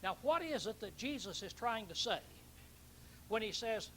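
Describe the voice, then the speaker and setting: A man's voice: high voice, animated, normal speed, a bit bright, a little hiss or hum, low-quality recording. A man preaching a Bible teaching sermon, emphatic, repeating key words and questioning his listeners.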